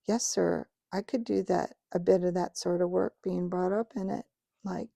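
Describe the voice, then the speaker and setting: A humble, plain-spoken London cabbie in his rough Cockney dialect, dropping his grammar as he answers, as a woman reading a storybook puts him on. The voice is gravelly and dark, recorded close and dry. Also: lowish voice, fairly even intonation, normal speed, no echo. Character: humble working-class London cab driver man.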